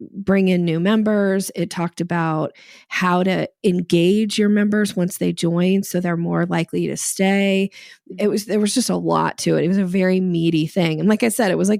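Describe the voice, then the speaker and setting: A woman's voice: on the low side, creaky, no room sound, studio quality. A middle-aged woman, a podcast guest, tells a story in casual chat, laughing often and acting out what people said. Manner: animated storyteller, laughs often, acts out quoted dialogue.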